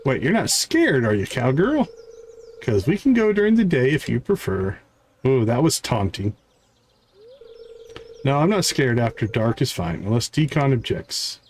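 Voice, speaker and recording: A man streaming a farming game, reading its character dialogue aloud with varied voices and adding quick asides. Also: medium pitch, sing-song, darkish tone, slight background noise.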